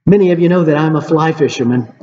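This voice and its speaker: A man's voice: fairly high pitch, quick pace, mellow. Earnest preacher, man, echoing hall. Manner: earnest, repeatedly addresses listeners as friends. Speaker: pastor. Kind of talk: sermon. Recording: dull reverberant hall recording.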